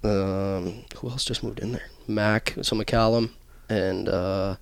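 Laid-back young man, low voice, dry sound. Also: steady tone, takes it slowly, creaky, dry recording. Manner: easygoing, rambling storyteller with many fillers. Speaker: pro hockey player guest. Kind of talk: casual podcast chat.

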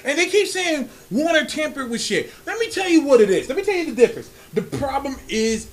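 A man co-hosting a podcast, talking loudly and excitedly, swearing freely and laughing often in casual chat. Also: extremely high pitch, fairly quick, few pauses. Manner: loud, animated, swears a lot, laughs often. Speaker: podcast co-host.

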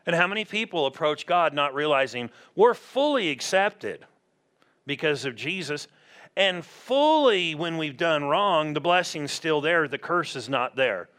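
A middle-aged pastor delivers a sermon, his voice sitting a bit high for a man. He keeps it animated and chatty, acting out quick voices to drive his points home.

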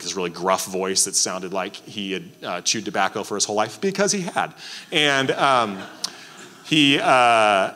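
Guy preaching a sermon, chatty with lots of um and uh, bright tone, churchy echo. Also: low-pitched. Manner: conversational, many fillers and restarts. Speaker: pastor.

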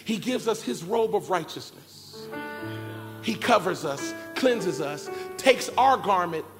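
A man preaching a sermon, telling a family story in an animated way and acting out shouted cries. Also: high-pitched, slow. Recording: long reverb of a large hall. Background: keyboard music.

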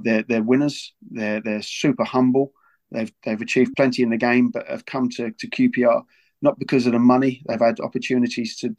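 Earnest man, gravelly and flat. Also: mid-range voice. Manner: earnest, repeats words often. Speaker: football club figure as guest. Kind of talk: casual podcast talk.

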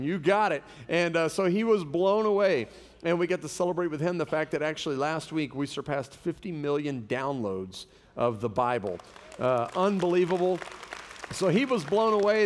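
A man, a pastor, preaching a sermon with animated, humorous storytelling. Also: fairly high pitch, big-room sound.

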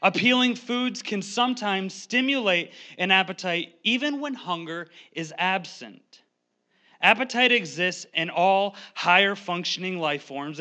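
A young man preaching a humorous sermon from a church pulpit, fast-talking, joking and animated, on a handheld microphone. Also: sits high. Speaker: guest preacher. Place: church sanctuary.

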